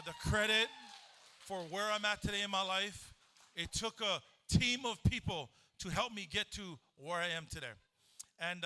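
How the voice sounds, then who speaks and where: A man with a high, very bright voice tells his recovery story to a crowd. He talks in an easy, chatty way and jokes with the audience between serious moments. He speaks into a handheld mic in an event hall. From Hawaii. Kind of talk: live testimony speech.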